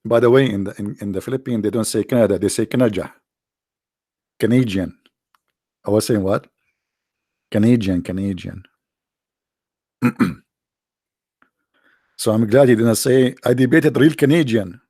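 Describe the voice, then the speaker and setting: A man's voice: lowish voice, a little slow, long pauses, mellow, no room sound, studio quality. A man with an Arabic-accented English hosting a livestream, talking in a sarcastic, mocking casual commentary. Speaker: livestream host.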